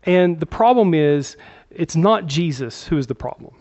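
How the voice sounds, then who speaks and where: Male pastor, conversational sermon delivery with frequent check-ins, fairly high voice, muffled recording. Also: animated, normal speed, darkish tone. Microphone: handheld microphone.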